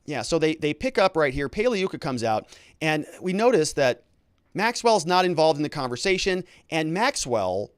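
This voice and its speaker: A man's voice: a little high, big pitch swings, moderate pace, smooth, no echo, clean studio sound. A man, an attorney host, giving conversational legal commentary and explaining things with filler words.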